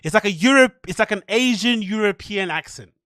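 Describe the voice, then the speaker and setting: A man hosting a podcast, rambling in mocking, profane, animated commentary. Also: high voice, fairly quick. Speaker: podcast host.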